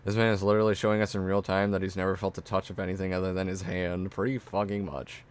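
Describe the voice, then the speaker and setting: A man's voice: low-pitched, level tone, fast, smooth. A man streaming, chatting casually and profanely as he reacts to videos and reads chat.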